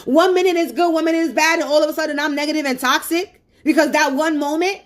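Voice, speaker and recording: A woman's voice: sits high, quick pace, hardly any pauses. A woman on a phone livestream, venting angrily in a profane, repetitive rant. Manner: angry, profane and repetitive ranting.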